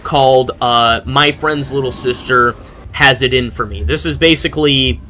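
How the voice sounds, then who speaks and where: A man's voice: mid-range voice, moderate pace, bright, forceful tone, faint music behind. A young man giving casual, rambling commentary while playing a strategy game and reading chat aloud. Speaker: gaming streamer.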